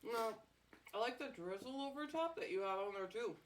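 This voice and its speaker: A woman's voice: a little high, expressive, a little fast, slight background noise. A woman co-hosting a podcast in casual chat, bubbly and teasing while tasting treats. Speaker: podcast co-host.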